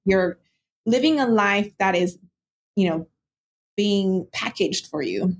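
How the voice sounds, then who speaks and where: A woman's voice: medium pitch, takes it slowly. A woman hosting a casual interview, asking long, searching questions in a friendly, rambling way. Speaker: podcast host.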